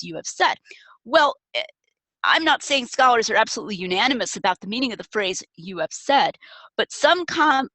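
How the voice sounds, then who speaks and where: A woman's voice: medium pitch, sharp tone, no room sound, poor audio. A woman guest author in a webinar discussion, explaining her points carefully over a video call.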